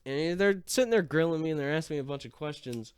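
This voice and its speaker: A man's voice: a little high, fast talker, smooth, dry recording, clean studio sound. A young man casually telling a personal story, swearing freely and mocking himself as he rambles along. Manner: profane, self-mocking, rambling.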